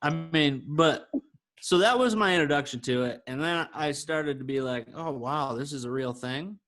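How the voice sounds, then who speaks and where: Faint music plays behind a man with a slightly high voice speaking at a moderate pace. Co-hosting a podcast, he relates a personal story casually and animatedly acts out the lines of those he quotes.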